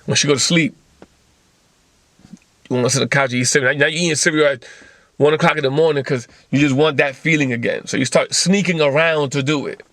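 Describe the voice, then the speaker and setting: A man's voice: on the high side, fairly even intonation, fairly quick, long pauses, fairly bright tone, no echo. A man hosting a motivational talk show, lecturing in blunt, profane casual speech full of rhetorical questions.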